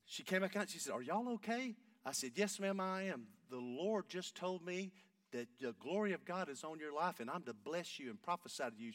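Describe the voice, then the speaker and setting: A man, preaching a sermon and telling a story, going from hushed talk up to shouting. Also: on the high side, dry recording, recorded from a distance.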